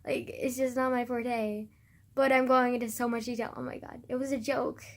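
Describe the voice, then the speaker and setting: Young woman rambling on her vlog, lots of swearing, slightly high voice. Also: level tone, moderate pace. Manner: rambling, swears a lot, drifts into whispers. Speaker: vlogger.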